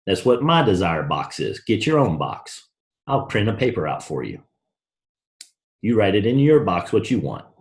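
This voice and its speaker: This man delivers a brash, blunt motivational talk built around a story. He punches his lines and swings between quiet lows and shouted peaks.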